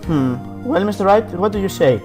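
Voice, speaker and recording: A man playing a fussy old judge who stumbles and hesitates, his pitch rising and falling. Game music runs behind. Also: lively intonation. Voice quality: hesitant, halting. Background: background game music.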